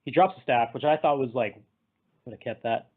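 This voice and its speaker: A man hosts a casual movie podcast, rambling scene by scene through the plot and laughing at his own jokes. His medium-pitched voice moves fairly quickly over a tinny, phone-like line.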